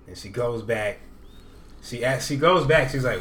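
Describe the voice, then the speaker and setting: A young man co-hosting a podcast, telling a story with animated, profane ranting. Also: fairly low pitch, a little fast. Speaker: podcast co-host. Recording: roomy, distant mic with clear background noise.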